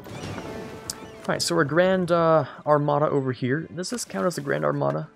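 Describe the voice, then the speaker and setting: Gravelly man rambling over a strategy game. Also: on the high side, fairly quick, soft background music. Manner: rambling, self-correcting, jokey asides. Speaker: let's play host. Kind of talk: casual gameplay commentary.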